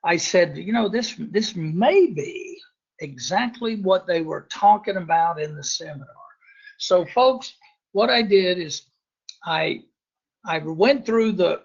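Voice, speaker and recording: Slow, gravelly man telling a folksy story. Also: a little high. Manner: folksy, addresses listeners as folks. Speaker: real estate investor speaker. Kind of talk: storytelling to an audience. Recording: dull lo-fi recording.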